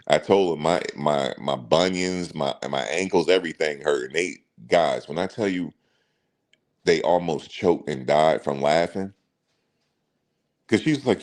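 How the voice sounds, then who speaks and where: Deep-voiced man chatting to viewers. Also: lively intonation, normal speed. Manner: chatty storyteller, addresses viewers directly, repeats himself. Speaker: commentary channel host. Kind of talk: casual reaction commentary.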